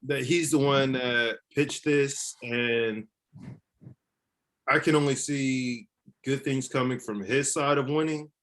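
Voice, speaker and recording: A man's voice: mid-range voice, fairly even intonation, takes it slowly, a bit bright. A man co-hosting a casual wrestling podcast who jokes around and swears, then laughs at himself. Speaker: podcast co-host.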